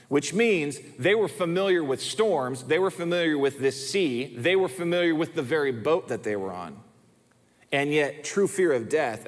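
A male pastor preaching a sermon in an emphatic way, often repeating words for stress. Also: on the high side. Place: church sanctuary. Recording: long reverb of a church hall.

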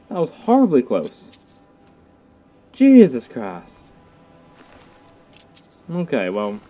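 A man's voice: medium pitch, dark tone. A young man giving casual, goofy, self-mocking let's play commentary. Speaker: gaming youtuber.

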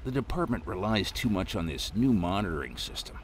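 Calm night-shift guard. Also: male voice, low voice, brisk, slight background noise. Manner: calm and collected, dry remarks. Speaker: player character in a horror game.

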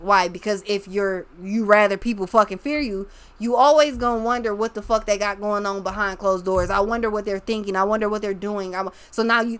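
A young woman giving a casual tarot reading, talking slowly and bluntly with lots of swearing and restarts. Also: mid-range voice, a bit bright, smooth. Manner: blunt, profane, slow and drawling with many restarts. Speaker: tarot reader.

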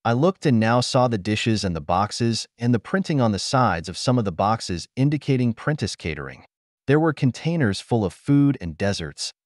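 Brief: male audiobook narrator, lower voice with lively intonation, dry close sound. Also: no room sound. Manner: first-person storytelling, expressive.

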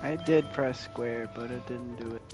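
A man's voice: medium pitch, steady tone, normal speed, darkish tone, soft background music. A man joking apologetically during a card game stream. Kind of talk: casual gaming chat.

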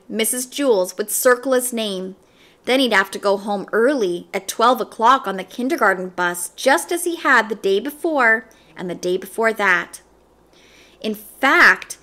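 A woman reading a children's storybook aloud in a gentle, expressive storytelling manner. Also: fairly high pitch. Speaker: story reader.

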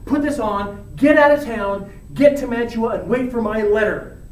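A woman's voice: on the high side, moderate pace, a little mellow, natural voice. A woman voicing an exasperated older male friar who lectures and scolds with urgency. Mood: urgent instructing. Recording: roomy, from far off.

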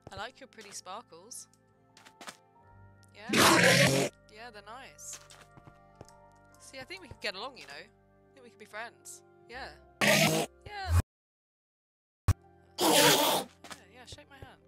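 A young woman doing casual gameplay commentary, chatting to the game's creatures and breaking into loud outbursts. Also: a little high, sing-song, moderate pace, pauses often. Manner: chatty, talks to game mobs, bursts into loud yelps. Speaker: gaming video creator. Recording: loud game music behind. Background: game music.

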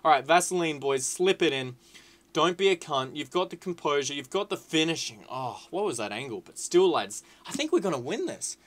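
Excitable sweary young man gaming. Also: on the high side, moderate pace. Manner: excitable, sweary, shouts at the screen. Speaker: gaming YouTuber. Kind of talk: casual game commentary.

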